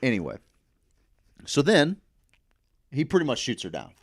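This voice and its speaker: A man's voice: medium pitch, unhurried, husky. A man co-hosting a comedy podcast, casually recapping a movie and acting out the characters' lines. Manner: animated storyteller, acts out quoted lines. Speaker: podcast co-host.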